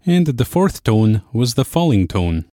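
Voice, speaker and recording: A man teaching a language lesson, explaining clearly and patiently. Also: mid-range voice, big pitch swings, unhurried, mellow, no room sound, clean studio sound. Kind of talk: scripted lesson narration.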